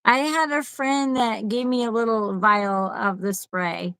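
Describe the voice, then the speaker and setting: A woman guest in a casual chat, friendly and encouraging, with halting speech. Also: fairly high pitch, steady tone, fairly bright tone, no echo, low-quality recording. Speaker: guest collector.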